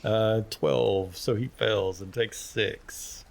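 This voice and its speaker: A man acting as game master, calling rolls and rulings in a relaxed way. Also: on the low side, slow pace, vocal fry. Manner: relaxed, talks numbers and rulings. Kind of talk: running a tabletop game.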